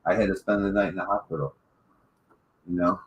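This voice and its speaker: A man's voice: low voice, fairly quick, husky, highs cut off. A man from Michigan hosting a casual podcast, telling rambling, profanity-filled stories. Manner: profane, rambling, animated storytelling. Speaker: podcast host. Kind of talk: casual storytelling chat.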